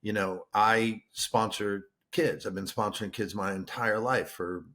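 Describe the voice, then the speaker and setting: A man's voice: fairly low pitch, fairly even intonation, measured pace, pushed and bright. Middle-aged man musing on a podcast. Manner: conversational, repeats words, rhetorical questions. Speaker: podcast co-host. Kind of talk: casual chat.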